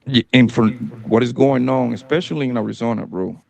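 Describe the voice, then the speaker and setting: A man's voice: medium pitch, fairly even intonation, brisk, creaky, a little mellow. A man, joining a casual chat in a laid-back, agreeable way.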